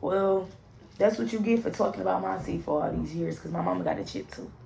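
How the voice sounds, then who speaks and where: A young woman telling a personal story to her viewers in an animated storytime vlog, talking straight to them and swearing freely. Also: on the low side, fast, creaky, a little hiss or hum, low-quality recording. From St. Louis area, USA. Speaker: vlogger.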